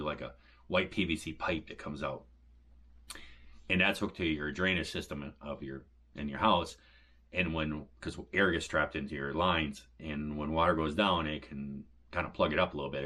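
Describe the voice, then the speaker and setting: A man's voice: a bass voice, fairly bright tone. A man, recovering from back surgery, giving a rambling casual update to his viewers and retelling his conversations. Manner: rambling, repeats "and stuff" and "he says", retells conversations. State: recovering from back surgery, occasional pain when coughing. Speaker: homestead vlogger.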